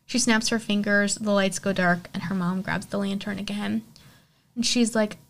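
A woman's voice: mid-range voice, steady tone, normal speed. A woman hosting a horror podcast, retelling a film's plot and giving her opinion in a casual, chatty way, with plenty of "like" and "you know". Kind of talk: casual film recap and review.

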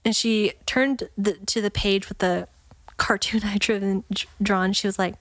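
A woman guest on a podcast, telling a story in lively casual chat, laughing often and acting out the voices of the people in it. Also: medium pitch, a little slow, no room sound. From Texas, USA. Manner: animated, laughs often, acts out quoted voices.

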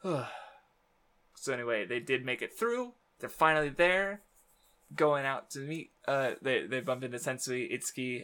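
Bright-voiced man rambling about comics. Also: mid-range voice. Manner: rambling, filler-heavy, laughs often, swears. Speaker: podcast co-host. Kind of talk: casual chat about manga.

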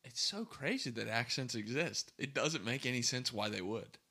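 A man's voice: medium pitch, animated, normal speed, pushed and bright, breathy edge. A man co-hosting a podcast in casual chat, joking and sarcastic and swearing freely. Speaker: podcast co-host.

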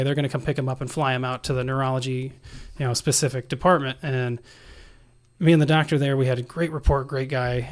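A man who works as an emergency nurse, telling stories from the hospital in a casual, animated podcast conversation. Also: mid-range voice. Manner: animated storyteller, acts out quoted voices. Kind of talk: casual storytelling in a podcast interview.

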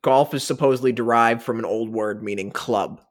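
A man's voice: medium pitch, moderate pace. A young man hosting a casual podcast, steering the talk between topics in a plain way. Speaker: podcast host. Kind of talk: casual chat.

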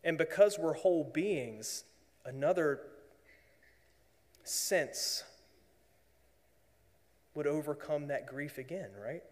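A man preaching a sermon as pastor, earnest, often dropping to a hushed voice for emphasis. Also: a little high, animated, takes it slowly, long pauses, in a large hall.

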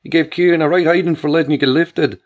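A woman's voice: sits low, fairly even intonation, fast talker, pitched above the performer's own voice, close to an everyday voice. A man voicing a worried, tearful mother who is close to crying. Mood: anxious. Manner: anxious, near tears. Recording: dull lo-fi with faint music.

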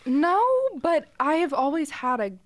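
A young woman from South Carolina co-hosts a podcast, chatting casually and laughing easily. Her voice is high and unhurried, and there's no room sound.

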